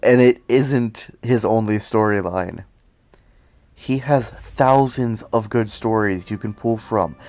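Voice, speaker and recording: A man's voice: fairly low pitch, slow pace, darkish tone, no room sound. A man talking casually into the camera, rambling and poking fun at himself, sometimes breaking into cursing rants. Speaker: video essay host. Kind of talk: casual commentary.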